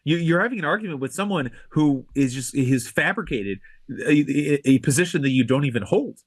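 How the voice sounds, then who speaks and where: A man's voice: fairly high pitch, animated, fairly quick, dry recording. A man co-hosting a podcast, talking bluntly and emphatically, often repeating his points. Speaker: podcast co-host. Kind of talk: casual podcast commentary.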